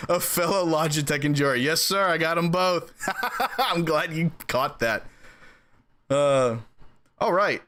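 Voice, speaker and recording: A man streaming, chatting casually with his viewers in an animated way and laughing between sentences. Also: a little high, slow pace, slight background noise. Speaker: game streamer.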